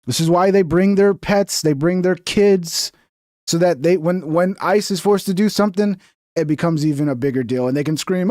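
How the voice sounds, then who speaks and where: A man's voice: high voice, a little fast, a little mellow, no echo, clean studio sound. A man streaming casual commentary on clips, blunt, profane and mocking as he rants.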